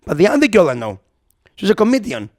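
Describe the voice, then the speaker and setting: A man co-hosting a podcast, telling a comic story in casual chat, animated and swearing, acting out the people he quotes. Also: sits high, fast talker. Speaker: podcast co-host. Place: podcast recording.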